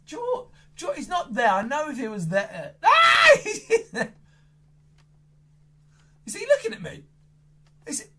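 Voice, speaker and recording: Here a children's entertainer with a mid-range voice does exaggerated, playful magic show banter, flipping from noisy squeals to quiet asides.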